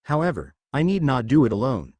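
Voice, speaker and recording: A man's voice: medium pitch, big pitch swings, brisk, darkish tone, no echo. A man voicing a wise, elderly male headmaster who speaks courteously and formally. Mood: puzzled.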